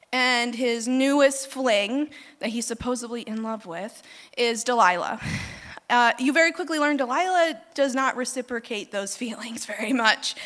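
A young woman preaching a sermon, retelling a scripture story in a lively, casual way with laughs and asides. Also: a little high. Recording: long hall reverb.

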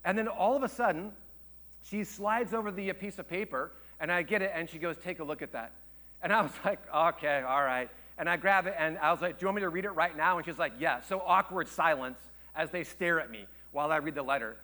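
A man in his thirties preaches like an animated storyteller, tossing rhetorical questions to his listeners. His voice sits high and bright, and he falls to a soft hush when a point lands. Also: brisk. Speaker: pastor. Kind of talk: sermon with personal story.

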